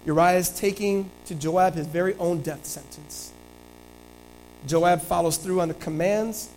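A man preaching a sermon, retelling scripture in animated storytelling that swings between loud and soft. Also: sits high, measured pace, soft background music, low-quality recording.

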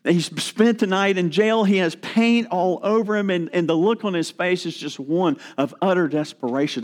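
A middle-aged man preaching a sermon, slow and earnest, dropping to a hush for emphasis. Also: sits high. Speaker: pastor.

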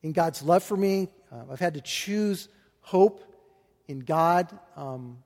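A man preaching to his congregation with a somewhat high voice, earnest and halting as he circles back over his words. His sermon rings out through a large hall with a long reverb tail. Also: lively intonation, a little mellow. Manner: earnest, halting with repeated restarts and fillers. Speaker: pastor.

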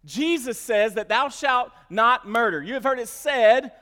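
A male pastor delivers a sermon in a high voice, repeating words as he starts his phrases. He swings from soft asides to loud emphasis. His voice rings with long reverb in a church sanctuary. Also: expressive, measured pace.

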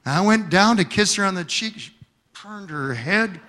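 A man's voice: sits high, animated, moderate pace, bright, forceful tone, long reverb tail. A male pastor preaching a sermon, telling stories with humor and repeating key words for emphasis. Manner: storytelling with humor and emphatic repetition.

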